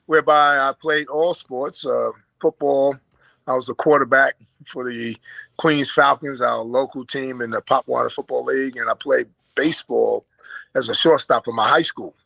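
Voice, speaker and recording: An older man with an American accent touched by an Australian twang tells stories as an interview guest. His voice is gravelly yet bright, and his delivery is easygoing and chatty, with fillers and chuckles. The recording is dry and close. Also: mid-range voice, fairly even intonation, moderate pace, no room sound, rough recording. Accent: American with a slight Australian twang. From Brooklyn, New York. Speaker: guest, former basketball player. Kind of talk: casual storytelling in an interview.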